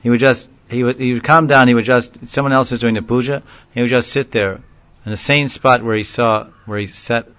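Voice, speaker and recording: A man telling a long story in a casual, rambling way, often laughing and getting animated when he quotes people. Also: medium pitch, fairly quick, hardly any pauses, lo-fi sound. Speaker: speaker recounting a story in a class. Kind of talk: informal storytelling talk.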